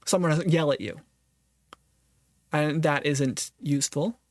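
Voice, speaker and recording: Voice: mid-range voice, measured pace, dry recording, studio quality. A podcast host giving earnest, reflective solo commentary on a philosophy text, thinking aloud and restarting phrases often.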